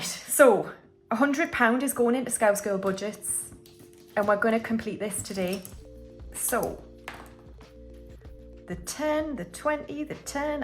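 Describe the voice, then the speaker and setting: A woman chats casually to her viewers as a budgeting vlogger, counting banknotes aloud as she goes. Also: mid-range voice. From United Kingdom. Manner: chatty, counts money aloud, talks to viewers as guys. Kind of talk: casual chat while counting cash.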